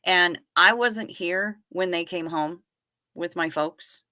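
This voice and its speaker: Bright-voiced, wry woman chatting on a livestream. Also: fairly low pitch, takes it slowly. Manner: chatty and wry, casually profane. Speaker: livestream host reading viewer chat. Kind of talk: casual chat.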